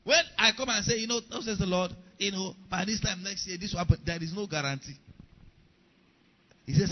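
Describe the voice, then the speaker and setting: A man's voice: high-pitched, brisk. Middle-aged male preacher, emphatic and repetitive, muffled lo-fi sound. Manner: emphatic, repeats key lines, questions the congregation. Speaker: pastor. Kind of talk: sermon.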